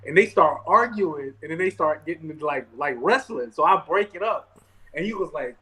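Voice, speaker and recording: A man's voice: high-pitched, a little fast, rough recording. Laid-back man spinning a story. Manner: relaxed and laid-back, with repeated starts. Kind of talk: casual storytelling chat.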